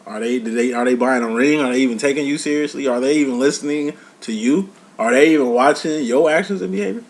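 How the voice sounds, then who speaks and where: A man speaks in a middle-pitched, everyday voice as he reads tarot cards for his audience. His delivery is blunt and profane, and he lectures the listener with tough love in a loose, conversational monologue. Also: quick pace. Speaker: tarot reader and life coach. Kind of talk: casual tarot reading monologue.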